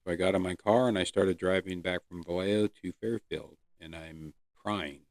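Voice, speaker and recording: A man hosting his own podcast, earnestly telling his personal recovery story with pauses and fillers. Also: deep voice, steady tone, a little mellow, no echo, studio quality. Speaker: podcast host. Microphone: close podcast mic.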